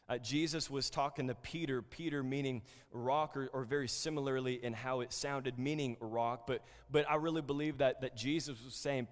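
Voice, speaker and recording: A man's voice: mid-range voice, fairly even intonation, normal speed, few pauses, big-room sound. A man preaching a sermon as pastor, talking conversationally with many fillers and repeated words.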